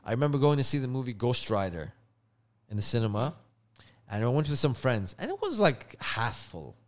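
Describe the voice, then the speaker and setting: Animated profane man telling a story. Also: medium pitch, normal speed. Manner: profane, animated, acts out voices. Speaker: podcast co-host. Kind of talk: casual storytelling chat.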